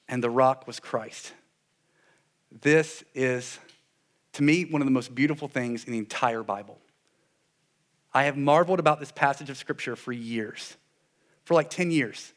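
A man preaching a sermon in an animated way, with sarcastic asides, dropping his voice low for solemn points. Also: normal speed, long pauses. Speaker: pastor.

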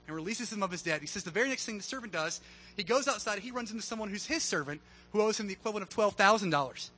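A man delivers a sermon in a loose, conversational style, full of humor. His voice sits high and sounds bright. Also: fast, low-quality recording. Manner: casual, conversational preaching with humor. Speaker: pastor.

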